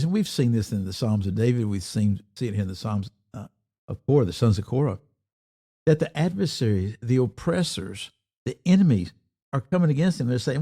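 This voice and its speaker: Male Bible teacher, warm mellow voice, reads verses slowly, then asks urgent, emphatic questions. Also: medium pitch, animated. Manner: addresses listeners as folks.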